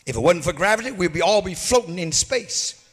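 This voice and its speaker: A pastor preaching a sermon, rising into sung and shouted peaks, recorded in a church sanctuary. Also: male voice, high voice, lively intonation, fairly quick, slightly rough. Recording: hall reverb from a church livestream.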